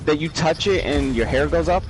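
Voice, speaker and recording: A man chatting on a podcast while gaming, blunt, profane and excitable. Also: fairly high pitch, normal speed, music in the background, low-quality recording. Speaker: podcast co-host.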